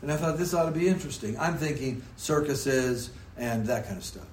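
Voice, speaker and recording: A man preaching a sermon in a conversational, storytelling manner, sometimes putting on quick mock voices for effect. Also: medium pitch, slight background noise. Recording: echoey room with faint ambience.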